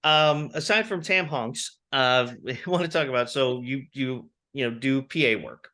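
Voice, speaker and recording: Bright-voiced man hosting a casual chat. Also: mid-range voice, moderate pace. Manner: easygoing, laughs often. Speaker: podcast co-host.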